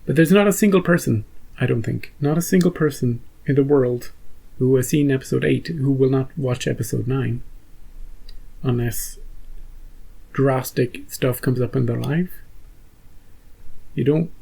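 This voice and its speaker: A man's voice: medium pitch, measured pace, creaky, pauses often, dark tone, husky, poor audio. A man hosting a reaction channel, chatting casually and rambling through an episode recap with many restarts. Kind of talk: casual post-episode chat.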